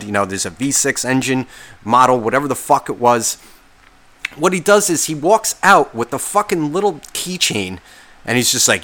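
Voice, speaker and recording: Man, casual rant, sarcastic, exasperated, swears a lot, middle pitch. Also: expressive, fairly quick, bright, forceful tone. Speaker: podcast host.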